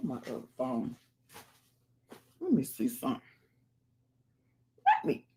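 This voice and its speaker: Animated, slow-talking woman streamer. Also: rumbling low. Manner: animated, exclamatory, folksy sayings, drops to murmurs and whispers. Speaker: livestream host. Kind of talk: casual livestream chat reading viewer comments. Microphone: phone.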